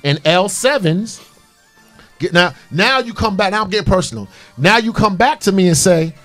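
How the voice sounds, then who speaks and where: A man with a high, bright-toned voice hosts a call-in radio talk show, preaching his point with repetition and heat. Faint music plays underneath his voice. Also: lively intonation, normal speed. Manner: passionate, preachy, repetitive emphasis.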